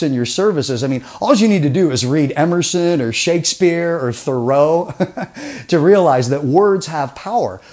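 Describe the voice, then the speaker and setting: An animated man presenting a persuasion seminar in a fairly high voice that rises and falls a lot. He peppers the audience with rhetorical questions and drops to a near-whisper to make a point. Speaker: communication trainer.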